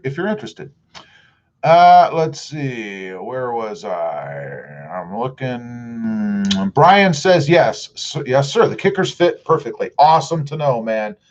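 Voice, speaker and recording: On a livestream, a middle-aged man with a Southern US accent chats casually and reads viewer comments aloud. His voice is mid-range, and the audio sounds dull.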